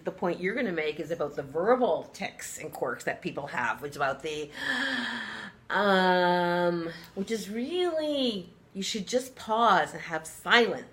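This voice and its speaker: A middle-aged woman co-hosting a business show, playful and quick to react. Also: lowish voice, animated, a bit bright. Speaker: co-host. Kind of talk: casual chat.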